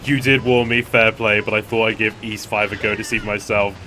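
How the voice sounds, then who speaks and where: A man's voice: fairly low pitch, flat delivery, a little fast, sharp tone, slight background noise. A British man streaming a game, chatting casually, rambling with stammered restarts and a lot of swearing.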